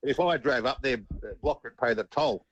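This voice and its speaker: A man's voice: mid-range voice, quick pace, fairly bright tone, no room sound, lo-fi sound. An Australian man, a former rugby league player, telling stories in a chatty interview and often restarting his sentences. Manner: chatty, restarts and repeats words. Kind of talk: casual interview anecdote.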